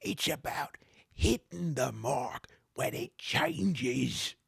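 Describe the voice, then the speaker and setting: A man voicing a boisterous, excitable male knight trainer who exclaims heartily, in a tabletop game. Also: mid-range voice, extremely slow, vocal fry, slightly rough, dry recording, clean studio sound, voice pushed up, exaggerated voice. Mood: lecturing.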